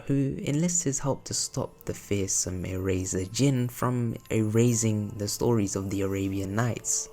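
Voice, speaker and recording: Creaky-voiced young man doing commentary. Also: medium pitch, darkish tone. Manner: casual, reflective. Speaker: video essayist. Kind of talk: analytical commentary. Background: background music.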